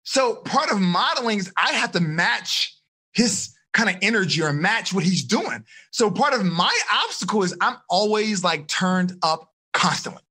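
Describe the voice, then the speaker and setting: A male life coach gives a live seminar with constant, animated energy. His voice sits high and sounds bright and forceful. He keeps checking in with his listeners as he teaches. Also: moderate pace, husky. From United States. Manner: energetic, animated, addresses audience with frequent okay and like.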